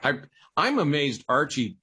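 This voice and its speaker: A man's voice: a little high, very animated, a little slow, sharp tone, breathy edge. A man hosting a podcast, asking curious questions to steer the talk. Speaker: podcast host. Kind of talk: casual podcast interview.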